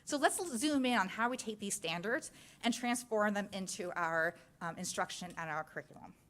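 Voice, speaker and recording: A woman giving a presentation at a school board meeting, explaining a science program slide by slide. Her pitch sits in a mid range for a woman, and she speaks in a steady, informative way as she guides listeners through the material. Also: moderate pace. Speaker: district science curriculum presenter. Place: public meeting room.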